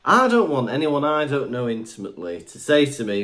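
A man's voice: mid-range voice, very animated, brisk, fairly bright tone. A man co-hosting a podcast in casual banter, joking and laughing often. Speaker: podcast co-host.

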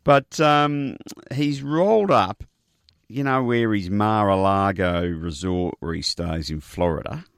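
A man's voice: fairly low pitch, slow, creaky, clear, resonant tone, no room sound, studio quality. A man, a co-host, telling news stories in a chatty, joking way. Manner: chatty storyteller, jokey asides. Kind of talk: casual chat.

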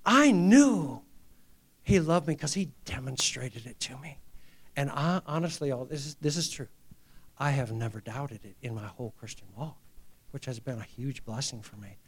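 A middle-aged male pastor preaching a testimony sermon, dropping to near-whispers and rising to loud, emphatic lines, acting out quoted dialogue. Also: medium pitch, lively intonation, normal speed, slightly rough. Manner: acts out quoted dialogue in a raised voice.

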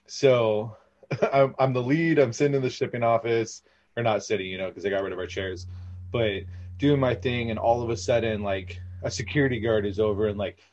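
A young man telling stories in a casual interview, animated and rambling with lots of fillers. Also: medium pitch, normal speed. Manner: animated, rambling, filler-heavy with frequent laughs. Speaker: podcast guest, former theme park ride guide. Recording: dull lo-fi recording.

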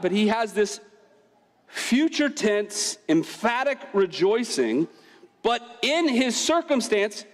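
Animated man preaching in a reverberant hall. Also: sits high. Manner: animated, emphatic preaching with rhetorical questions. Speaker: pastor. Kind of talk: sermon.

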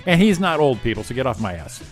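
A man's voice: mid-range voice, sing-song, quick pace, over music. A man co-hosting a morning show, chatting casually in a jokey, rambling way with lots of fillers. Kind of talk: casual radio banter.

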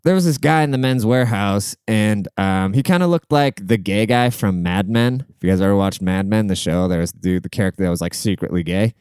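A man's voice: lowish voice, a little fast, few pauses, darkish tone, clear, resonant tone, no echo, studio quality. A young man hosting a podcast, giving a crude, profane, rambling monologue in casual chat.

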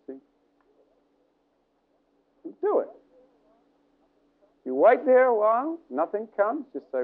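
High-voiced preacher on a tinny recording. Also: male voice, moderate pace, long pauses. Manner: animated, dramatic, acts out scenes with the audience. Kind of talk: sermon. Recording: tinny phone-like archive recording.

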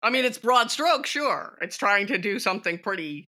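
A woman in casual conversation about films, opinionated and animated, laughing often as she argues her point. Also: mid-range voice, normal speed. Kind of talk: casual film discussion.

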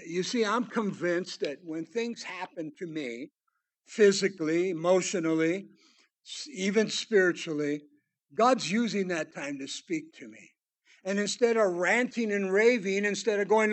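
High-pitched guy giving a sermon, reads verses out and talks them through, gets loud then drops real quiet. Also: expressive, normal speed. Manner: reads scripture aloud and comments, shifting between loud and hushed. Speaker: preacher.

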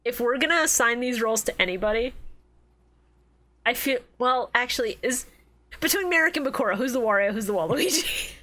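A woman's voice: on the high side, lively intonation, a little fast, bright, forceful tone. A woman co-hosting a casual podcast, giggling often and explaining anime lore in detail. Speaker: podcast co-host. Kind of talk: casual chat.

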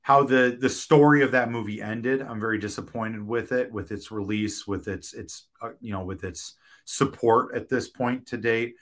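A man's voice: mid-range voice, fairly even intonation. A man speaking as an interviewed film director, talking candidly with frequent restarts and the occasional curse. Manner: frank, halting, many restarts and profanity.

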